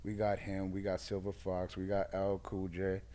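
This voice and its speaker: A man's voice: low voice, moderate pace. A man, a guest DJ telling stories in a casual interview and acting out what others said. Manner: animated storyteller, acts out quoted voices.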